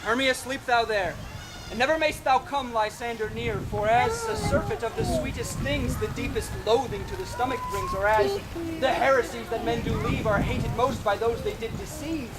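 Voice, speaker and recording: A woman's voice: a little high, natural voice. A woman playing an ardent, fickle young man in love in a stage play, speaking in earnest, impassioned verse. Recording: outdoor recording with clear noise.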